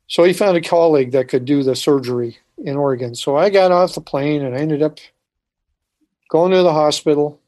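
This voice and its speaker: A man telling a personal story in conversation, halting with frequent restarts and dropping quiet at moments. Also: on the high side. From United States. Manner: halting, restarts often, quiet when recalling. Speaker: speaker telling his life story.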